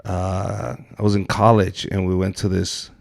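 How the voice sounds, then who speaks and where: A young man hosting a podcast, telling loud, animated stories and swearing a lot. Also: deep voice, unhurried, creaky. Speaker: podcast host, comedian. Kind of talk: casual podcast chat.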